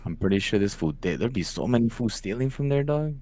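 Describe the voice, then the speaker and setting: Slangy young man telling an animated story. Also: lowish voice, fast. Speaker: podcast co-host. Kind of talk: casual chat.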